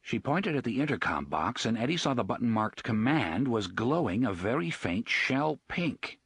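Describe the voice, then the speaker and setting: A man narrating an audiobook in an expressive reading style. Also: medium pitch, moderate pace, husky, no echo. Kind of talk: scripted narration.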